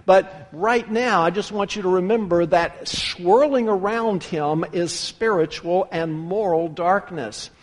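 High-voiced preacher in a reverberant hall. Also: male voice. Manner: earnest preaching with dramatic pauses. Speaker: pastor. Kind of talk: sermon.

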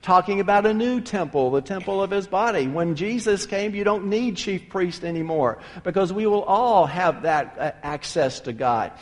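A man preaching a sermon as a pastor, emphatic and animated, often restarting phrases. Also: high voice, normal speed, hardly any pauses, in a large hall.

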